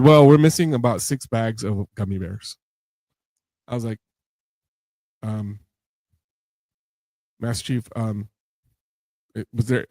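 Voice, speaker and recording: A man's voice: medium pitch, darkish tone, dry recording. A man hosting a podcast, telling a long story with many fillers and acting out what others said. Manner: rambling, many fillers, laughs and acts out quotes. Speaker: podcast host. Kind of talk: casual storytelling interview.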